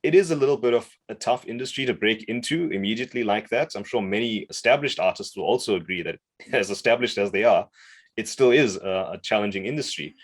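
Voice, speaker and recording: A man from South Africa with a fairly low voice talks through his path into voice acting in a podcast interview. He is animated and enthusiastic, speeding up in bursts and laughing easily as he goes. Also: fast talker. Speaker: voice-over coach.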